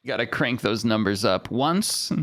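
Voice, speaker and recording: A man's voice: fairly low pitch, expressive, normal speed, a bit bright. A man co-hosting a podcast in casual chat, playful and teasing with frequent giggles. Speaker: podcast co-host.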